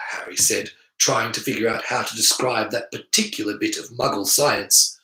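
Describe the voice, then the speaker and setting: A man reading an audiobook aloud in an expressive, animated way. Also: fairly low pitch, moderate pace, creaky, hardly any pauses, reverberant, rough recording. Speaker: audiobook reader. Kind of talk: audiobook narration.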